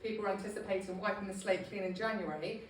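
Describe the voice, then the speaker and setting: A woman's voice: medium pitch, fairly even intonation, fast talker, slight background noise. Scottish woman giving a jokey chatty talk, roomy hall, kinda far from the mic. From Scotland. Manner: humorous, laughs often, self-deprecating. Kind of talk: chatty informal presentation. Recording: echoey room, voice from a distance.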